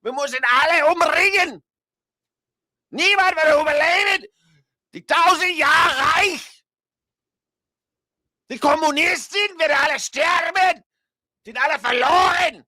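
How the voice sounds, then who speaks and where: A man's voice: extremely high pitch, unhurried, pauses often, pushed and bright, no echo, clean studio sound, pitched above the performer's own voice, exaggerated voice. A man voicing a ranting dictator-style orator in a mock German accent, barking his lines.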